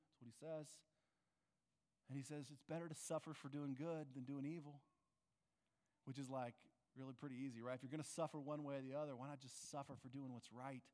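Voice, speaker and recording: A man's voice: on the high side, steady tone, fairly quick, a little mellow. A man preaching a sermon as pastor, earnest and conversational, often asking his listeners questions. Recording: long reverb of a large hall.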